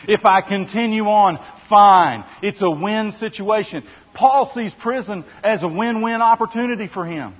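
A man's voice: fairly high pitch, breathy edge. A male pastor preaching a sermon in an earnest way, often restarting phrases and asking rhetorical questions. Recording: dull sound with long hall reverb.

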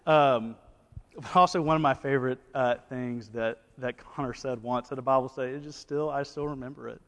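A man's voice: mid-range voice, normal speed, fairly bright tone. Alabama man talking in a reverberant hall. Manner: conversational, many fillers. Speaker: campus pastor. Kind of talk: ministry talk with anecdotes.

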